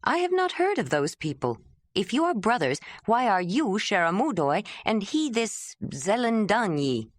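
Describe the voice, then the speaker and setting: A woman voicing a brisk, commanding female camp leader in an audiobook. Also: mid-range voice, very animated, no room sound, studio quality, pitched above the performer's own voice.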